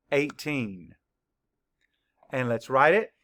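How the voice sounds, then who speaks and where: A man teaching a children's spelling lesson, spelling words slowly, letter by letter, with clear, patient instructions. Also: mid-range voice, sharp tone. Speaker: third-grade teacher.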